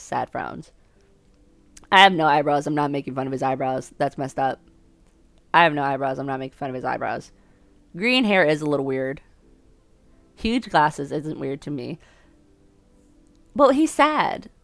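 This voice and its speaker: Streaming a dating sim, a young woman reads the game text aloud and chats about it in a casual, self-mocking let's-play, laughing often. Her voice is on the low side with vocal fry and a slightly bright quality, recorded with no echo.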